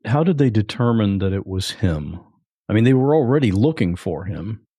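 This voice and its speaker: A man hosting a podcast who asks short, calm, probing questions of his guest. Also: lowish voice, moderate pace, slightly rough, no echo. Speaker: podcast host. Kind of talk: interview questions.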